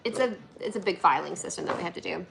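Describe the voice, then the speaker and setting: Bubbly creaky-voiced woman livestreaming. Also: on the low side, animated, fast, loud music behind the voice. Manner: bubbly, chatty, laughs often, answers chat questions aloud. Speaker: livestream host, flower preservation business owner. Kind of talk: casual livestream chat, reading viewer comments.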